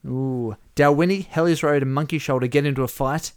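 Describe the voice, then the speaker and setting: A man in casual chat, reading out game events with animated play-by-play. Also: a little high, fairly quick, few pauses, clean tone, dry recording, studio quality. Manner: animated play-by-play, chuckling at the results. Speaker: host running a whisky-themed game simulation.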